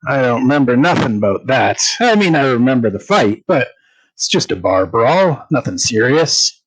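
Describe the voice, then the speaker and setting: A man voicing a rough male gambler and scoundrel with a folksy, ungrammatical drawl. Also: medium pitch, big pitch swings, moderate pace, rough recording. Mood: puzzled.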